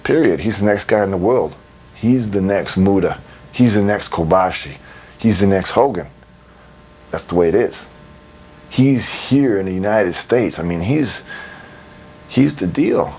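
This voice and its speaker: A man's voice: on the low side, measured pace, long pauses, husky. A man in his thirties giving a candid interview as a wrestler, telling stories bluntly with lots of swearing. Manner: blunt, animated storytelling with swearing and laughs. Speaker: interview guest, pro wrestler. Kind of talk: candid, profane interview talk.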